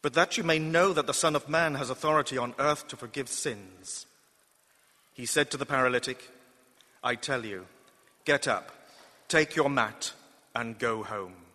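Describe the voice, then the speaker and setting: A man giving a steady Bible reading during a church service. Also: medium pitch, unhurried, long pauses, in a large hall. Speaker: scripture reader.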